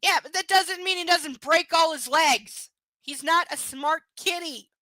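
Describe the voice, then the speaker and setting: A woman's voice: extremely high pitch, measured pace, pushed and bright, no echo, poor audio. A woman chatting casually on a live stream, rambling and playful, sometimes slipping into baby talk with her pets. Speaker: streamer reading aloud.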